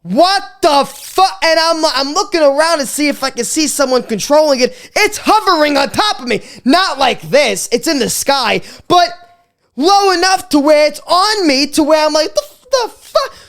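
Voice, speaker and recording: Animated, swearing young woman storyteller. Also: high-pitched, normal speed. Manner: animated, stammering restarts, heavy swearing. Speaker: podcast host. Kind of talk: comedic storytelling monologue.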